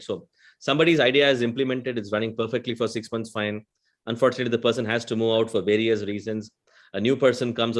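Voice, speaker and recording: A man with a South Indian accent speaking on a panel as a conversational AI vendor, explaining at length and often adding a questioning "right?". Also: mid-range voice. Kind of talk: panel discussion.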